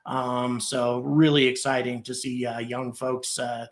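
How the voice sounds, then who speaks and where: A man's voice: medium pitch, flat delivery, a little slow. A middle-aged man hosting a live stream, thanking viewers and reading out where they are checking in from, in a rambling, grateful way with many fillers. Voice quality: gravelly. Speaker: livestream host.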